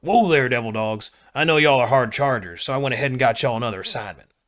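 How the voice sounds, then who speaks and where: A man voicing a gruff, bossy male Marine sergeant major with a slow Southern drawl. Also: medium pitch, fairly bright tone, natural voice. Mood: mocking. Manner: slow drawl, barking orders.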